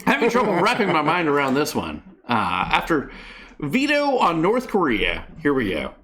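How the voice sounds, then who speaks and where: A man reading the news aloud with heavy sarcasm and exasperated asides. His voice sits fairly high for a man and swings widely up and down, so even the plain reporting sounds animated and mocking. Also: normal speed. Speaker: host reading news stories. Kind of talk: casual comedic news chat.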